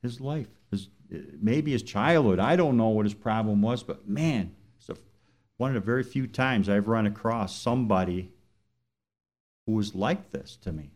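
A man with a fairly low voice gives a testimony in church. He tells his story in a plain, everyday way, then moves into preaching with questions put to the congregation. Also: normal speed, a little mellow. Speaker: truck driver giving a church testimony.

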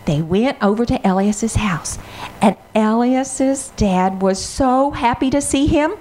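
Animated woman telling a children's story. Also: a little high. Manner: expressive, gasping, dramatic pauses.

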